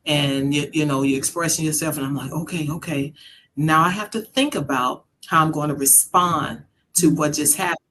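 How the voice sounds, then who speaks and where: A middle-aged mother, her low, slightly bright voice at normal speed over slight background noise, shares her story in casual conversation. She comes across as earnest and reflective and dramatizes quoted voices.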